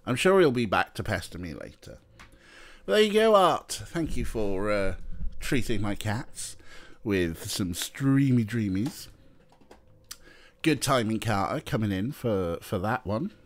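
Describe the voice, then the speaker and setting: A man chatting casually on a livestream, often cooing at his cats in a high sing-song voice. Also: sing-song, measured pace. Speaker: streamer.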